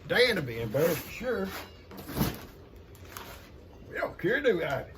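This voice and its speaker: Older man, folksy and rambling, high and lively voice, noisy home recording. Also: moderate pace. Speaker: vlogger opening gifts. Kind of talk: casual chat to viewers.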